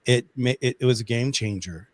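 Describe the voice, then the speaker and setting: A man's voice: medium pitch, brisk, no room sound. A man chatting as a guest on a video call, telling stories in a rambling, enthusiastic way. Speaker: guest, pet herbal company representative. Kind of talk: casual video chat.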